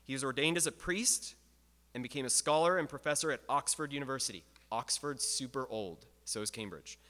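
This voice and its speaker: A man's voice: medium pitch, brisk, pushed and bright. A man teaching church history in a casual, conversational way, asking his listeners questions as he goes. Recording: long hall reverb.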